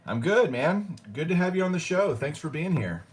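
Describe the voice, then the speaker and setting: A man hosting a collecting show, relaxed and jokey, poking fun at himself. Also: fairly high pitch, normal speed. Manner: relaxed, jokey, self-deprecating. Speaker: host. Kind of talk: casual chat.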